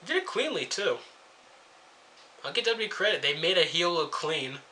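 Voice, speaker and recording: Young male reviewer, sarcastic ranting delivery, very bright voice, slightly raised pitch, faint hiss behind. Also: very animated, moderate pace. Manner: sarcastic, swears freely, jumps between topics. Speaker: wrestling show reviewer. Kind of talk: casual rant review.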